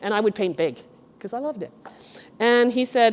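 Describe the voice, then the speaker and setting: A middle-aged woman curator giving a chatty, animated walk-through talk to a group in an art gallery. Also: a little high, normal speed, long pauses. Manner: chatty, animated storyteller, addresses the group directly. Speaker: guest curator. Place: art gallery exhibition room.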